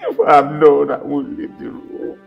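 A grief-stricken husband whose voice swings wildly, from deep mutters up to high, breaking cries. He sobs and pleads slowly, with a gravelly edge and soft music behind him. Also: wildly swooping pitch, phone-quality sound, exaggerated voice. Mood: grieving. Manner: pleading, wailing, sobbing grief. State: crying. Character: grieving husband finding his wife collapsed. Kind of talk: dramatic acting.

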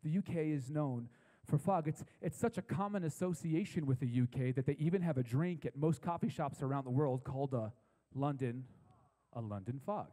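This sermon is given to young adults in a church with a live audience, the pastor's mellow voice sitting a bit higher than most men's. He keeps it relaxed and conversational but slows down to repeat key phrases for emphasis; the recording is low quality, with a long reverb tail.

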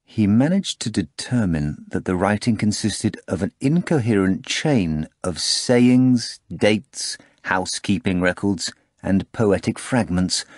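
In studio-quality audio with no room sound, a man with a lowish voice reads scripted audiobook narration. His storytelling stays even and measured.

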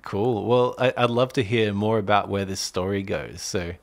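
A man with a slight lisp co-hosts a music podcast in a loose, joking manner. His voice sits low with a gravelly rasp, and he pokes fun at himself as he chats. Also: normal speed. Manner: easygoing, self-deprecating, joking. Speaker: podcast co-host. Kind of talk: casual music chat.

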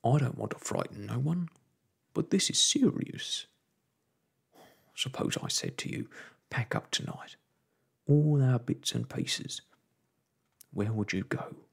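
A man voicing a steady, grave little borrower father in a soft-spoken ASMR storybook reading, with rustic grammar and a gentle tone. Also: mid-range voice, takes it slowly, creaky, pauses often, breathy edge, full character voice.

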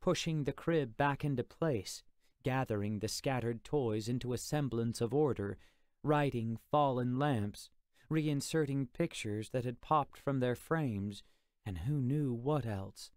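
Studio-quality audio captures a man reading a first-person audiobook with deliberate, expressive narration. His voice sits in the middle range, and there's no room sound.

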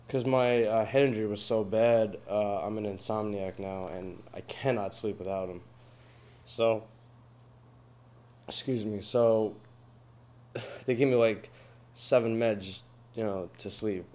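A man's voice: on the low side, steady tone, takes it slowly, long pauses, dark tone. A young adult man, a veteran, talking casually in a loose, rambling, offhand way. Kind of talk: casual interview talk.

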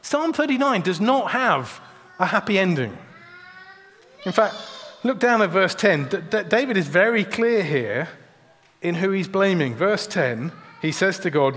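A man's voice: sits high, big pitch swings, unhurried, a bit bright. A man preaching a sermon in a church, earnest and direct, often repeating a word as he starts a sentence. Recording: long church reverb.

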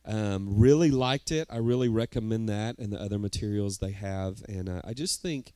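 A man's voice: lowish voice, moderate pace, dark tone, smooth, no room sound, clean studio sound. A man, the church's pastor, introducing a guest speaker in a rambling way with many fillers. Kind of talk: church announcement. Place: church sanctuary.

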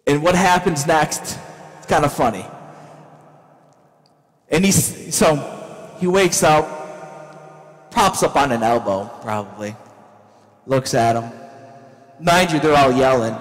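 A male pastor preaching a sermon in a church, with animated storytelling that acts out scenes. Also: a little high, slow, pauses often, big-room sound, rough recording.

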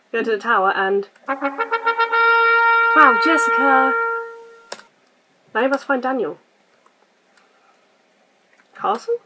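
A woman hosting a casual let's-play, quietly reading game text aloud and muttering her choices. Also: on the high side, low-quality recording. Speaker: gaming channel host.

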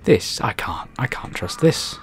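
A man's voice: measured pace, slight background noise. Swearing, jokey gamer man. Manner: jokey, swears a lot, panics loudly when scared. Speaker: let's play gamer. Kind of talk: casual gameplay commentary.

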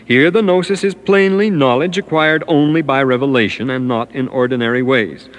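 A man's voice: medium pitch, normal speed. A middle-aged man delivering a formal, scholarly radio lecture in the 1950s, emphatic as he quotes scripture at length.

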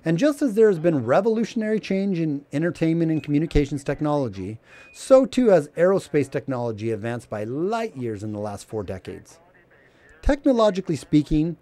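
Mellow, animated man reading commentary. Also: fairly high pitch. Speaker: channel host.

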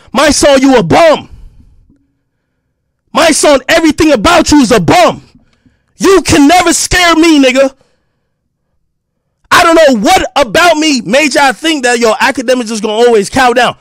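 A man streaming an angry, profane rant, confrontational and breaking into shouts. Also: very high-pitched, moderate pace, pauses often, no room sound, clean studio sound.

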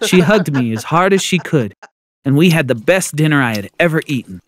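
A man narrating a personal story in an animated, expressive way. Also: fairly high pitch, fairly quick.

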